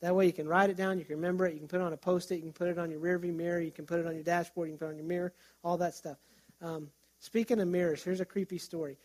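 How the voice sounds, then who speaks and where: Racing along in a high, level voice with a darkish tone, a middle-aged pastor delivers a sermon. His preaching is conversational and full of stories, with frequent self-restarts.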